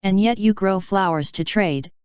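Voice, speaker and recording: A woman voicing a frustrated human husband who speaks flatly and needles his wife, in a smooth, dry, lo-fi reading. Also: mid-range voice, moderate pace, no echo, lightly acted. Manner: flat, needling. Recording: dull lo-fi.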